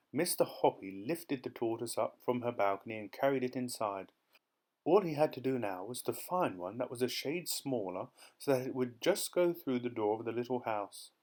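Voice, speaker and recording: A male audiobook narrator reading a children's story in a lively, expressive way. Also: medium pitch.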